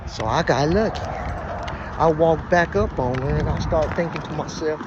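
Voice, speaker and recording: A man with a high voice spins a rambling, foul-mouthed comic tale in loose slang. The sound is muffled and dull, and steady street traffic noise runs behind him. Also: normal speed. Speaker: storyteller.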